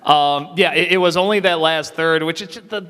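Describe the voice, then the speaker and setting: A man's voice: fairly high pitch, a little fast, fairly bright tone, clear, resonant tone. A man with a scratchy throat answering audience questions on a convention panel in a casual, chatty way, often restarting and laughing. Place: convention hall. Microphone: handheld mic. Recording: reverberant convention hall.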